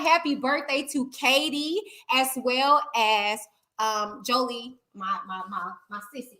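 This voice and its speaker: A woman in her thirties hosting a live-stream chat show, talking in a lively, chatty way with many fillers and tag questions. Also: high-pitched, measured pace. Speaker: talk show host.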